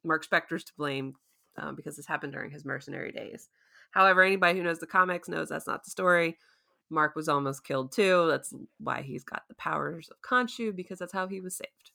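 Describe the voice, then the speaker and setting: Bright, chatty woman podcast host. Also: low voice, brisk, vocal fry. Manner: chatty, laughs often, acts out quotes. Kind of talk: casual show recap chat.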